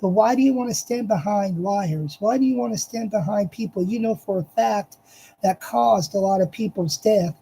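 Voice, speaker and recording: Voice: mid-range voice, normal speed, creaky, mellow, a little hiss or hum, low-quality recording. A speaker giving an impassioned, repetitive monologue, addressing listeners directly and hammering each point with emphasis. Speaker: political commentator.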